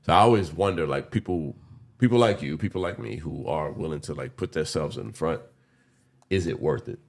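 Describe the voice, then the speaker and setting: A man's voice: extremely low pitch, fairly quick. A man in his forties co-hosting a podcast, talking candidly and rambling with slang and the odd curse. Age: 40s. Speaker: podcast co-host. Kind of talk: casual chat.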